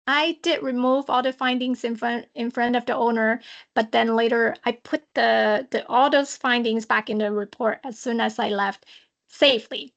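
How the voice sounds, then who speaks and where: A woman auditor giving a prepared talk on a video call, telling a work story in a lively, dramatic way with playful asides. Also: a little high, lo-fi sound. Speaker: social compliance auditor. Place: online webinar.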